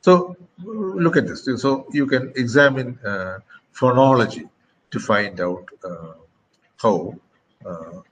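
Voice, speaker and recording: A man giving a classroom lecture, speaking slowly and deliberately, with frequent fillers and check-ins. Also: lowish voice, slightly rough, low-quality recording. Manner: slow, deliberate, frequent "okay" and "uh".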